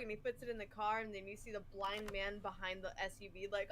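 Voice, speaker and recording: A woman excitedly retelling a cartoon scene, doing little voices, in casual chat over online voice chat. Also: mid-range voice, a little fast, few pauses, a little hiss or hum. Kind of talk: casual chat on a game stream.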